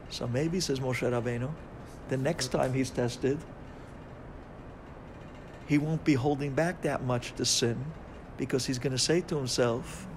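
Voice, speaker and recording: A man's voice: mid-range voice, a little slow, long pauses, slight background noise. Preacher, male rabbi, fervent sermon delivery, mid-range voice. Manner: impassioned, swings from hushed to shouting.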